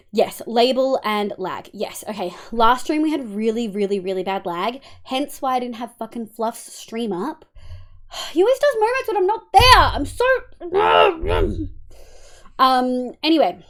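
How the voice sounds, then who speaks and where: A young woman with an Australian accent chats casually through a live stream, her voice sitting a little high. She greets viewers by name and jumps from soft asides to loud, playful outbursts.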